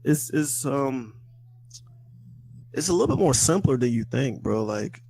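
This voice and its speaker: A man's voice: mid-range voice, animated, a little slow, vocal fry, a little mellow. A young man co-hosting a podcast, talking in a laid-back, hesitant, slangy way in casual chat. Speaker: podcast co-host.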